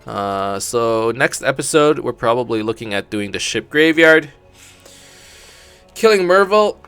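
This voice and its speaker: A man's voice: mid-range voice, animated, a little slow, fairly bright tone, smooth, faint music behind. A man hosting a gaming channel, giving laid-back commentary as he plays, thinking aloud and swearing casually.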